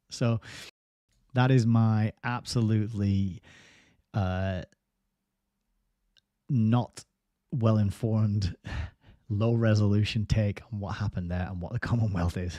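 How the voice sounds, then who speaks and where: A man's voice: on the low side, steady tone, slow, warm tone, no echo. A man hosting a book review livestream, rambling casually and reading viewer comments aloud. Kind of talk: casual live-stream chat.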